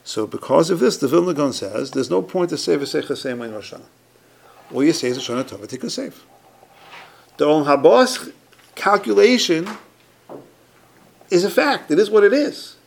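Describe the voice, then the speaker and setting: Lively, gravelly man teaching a Torah class. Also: a little high, normal speed, pauses often, slight background noise. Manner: emphatic, repeats points, asks and answers his own questions.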